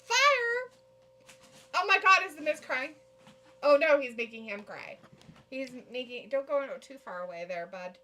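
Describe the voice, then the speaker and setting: A woman's voice: high voice, expressive, moderate pace, sharp tone. A woman co-hosting a casual live watch-along of a wrestling show, reacting, laughing and reading chat comments aloud.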